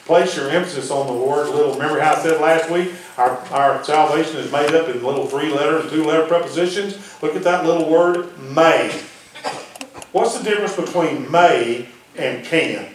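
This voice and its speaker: Pastor, man, fairly high voice, heard from far off in a very echoey church with a faint hiss behind him. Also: moderate pace. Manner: folksy preaching, drops to near-whisper for emphasis. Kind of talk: sermon. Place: church hall.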